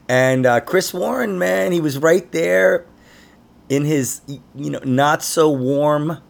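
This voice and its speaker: A man's voice: on the high side, slow pace, gravelly, pauses often. A man hosting a comedy podcast, chatting casually and laughing often as he tells stories. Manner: laughs often, animated storytelling. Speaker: podcast host.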